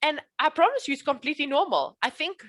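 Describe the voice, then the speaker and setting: A woman's voice: high-pitched, animated, fast talker, a bit bright. Reassuring woman speech coach. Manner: earnest, reassuring, repeats promises. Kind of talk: one-on-one coaching session.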